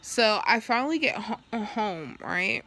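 Gravelly bright-voiced young woman vlogging. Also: mid-range voice, lively intonation, slow pace. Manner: candid, swears freely, acts out quoted dialogue. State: burping, recovering after surgery. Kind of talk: casual storytelling vlog.

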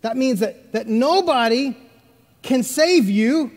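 A man preaching a sermon as pastor, emphatic, swinging between loud stresses and hushed asides. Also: very high-pitched, big pitch swings, unhurried. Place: church sanctuary. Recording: long church reverb.

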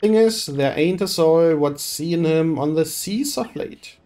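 A streamer reading game dialogue aloud and voicing an eager, deferential sailor with rough, folksy speech. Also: mid-range voice, unhurried, warm tone, lightly acted.

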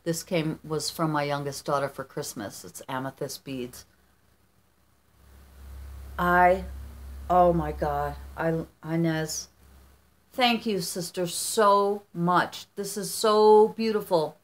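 A middle-aged woman vlogger from the United States talks casually and warmly to her viewers. Her voice sits a little low for a woman. She gushes and rambles, often restarting her sentences as she goes. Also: slow, pauses often. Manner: gushing, effusive, rambling with restarts. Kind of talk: casual chat opening fan mail.

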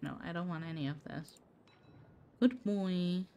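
A woman's voice: lowish voice, measured pace, warm tone. A woman streaming a game, chatting casually with her viewers by name and laughing often. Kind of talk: casual live-stream chat while gaming.

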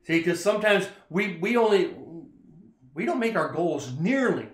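A man preaching a casual sermon, retelling a movie scene in an animated way. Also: high-pitched, moderate pace, echoey room. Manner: animated storyteller, acts out quoted lines louder. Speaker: pastor.

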